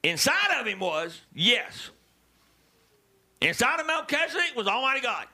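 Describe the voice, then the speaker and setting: A male preacher delivering a sermon, dropping to low murmurs and rising to shouted calls to the congregation. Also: sing-song, unhurried. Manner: swings from low murmurs to loud shouted exhortations.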